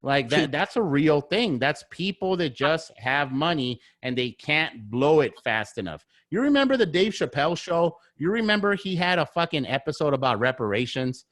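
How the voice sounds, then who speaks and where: A man's voice: on the high side, big pitch swings, normal speed, few pauses, fairly bright tone, dry recording, clean studio sound. A man speaking as a podcast guest in a casual conversation, blunt and full of swearing, hammering his points with repeated phrases. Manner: blunt, heavy swearing, repetitive emphatic phrasing. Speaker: podcast guest, real estate investor.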